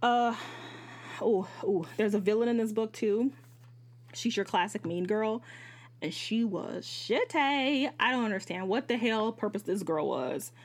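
A woman's voice: mid-range voice, unhurried. A woman hosting a podcast, giving a casual, candid book review. She swears freely and often jumps into asides and corrects herself. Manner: animated, jumps between asides and self-corrections. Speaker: podcast host reviewing books.

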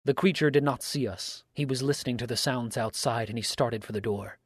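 A man giving a measured, grave dramatic reading of an old mystery story. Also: mid-range voice, breathy edge, no echo, studio quality. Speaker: story reader.

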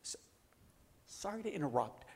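A man delivers a sermon in a bright, high voice that leaps up and down as he acts out quoted lines. His words ring out with a long reverb, as in a large church hall. He shifts from loud exclamations to low, hushed asides. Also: moderate pace, gravelly, husky. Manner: animated, acting out quoted voices. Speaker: pastor.

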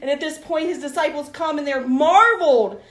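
A middle-aged woman leading a Bible study in a room, teaching with fervent, preacherly passion that builds to near-shouts. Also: high-pitched, normal speed, roomy sound. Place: room with a group.

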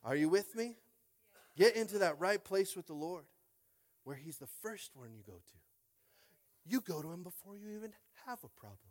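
Man preaching a lively sermon, fairly high voice, swings between loud calls and quiet asides. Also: moderate pace, pauses often. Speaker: pastor.

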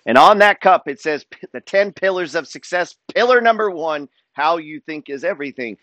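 Higher-voiced man, dry close sound, punchy profane motivational coach. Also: lively intonation, moderate pace, pushed and bright, no echo. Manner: emphatic, profane, preacher-like. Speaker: wealth and trading coach. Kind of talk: motivational monologue.

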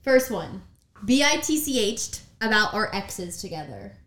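A woman's voice: mid-range voice, sing-song, fairly bright tone. A young woman vlogger chatting casually with her mother, teasing and laughing. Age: young adult. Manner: quick teasing remarks, laughing. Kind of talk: casual chat. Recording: echoey room.

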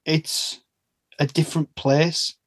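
A man's voice: fairly high pitch, little pitch movement, slow pace, breathy edge, dry recording. A British man chatting as a podcast guest, rambling, restarting his sentences and laughing between thoughts. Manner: rambling, self-interrupting, laughs often. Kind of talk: casual chat.

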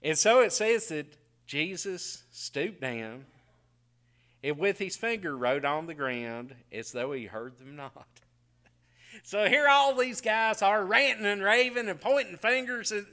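A middle-aged man preaching a folksy sermon, telling homey stories with frequent chuckles and quiet asides. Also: sits high, expressive, measured pace.

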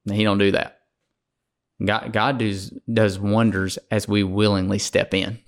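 A man's voice: fairly low pitch, flat delivery, measured pace. A man from Alabama with a Southern accent, preaching as a podcast guest in a fervent, folksy way.

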